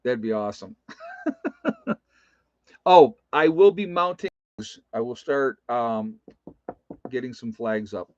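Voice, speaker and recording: A man's voice: medium pitch, unhurried, a little mellow, dry recording, lo-fi sound. A man hosting a casual livestream, reading out viewer comments and chuckling often. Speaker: livestream host.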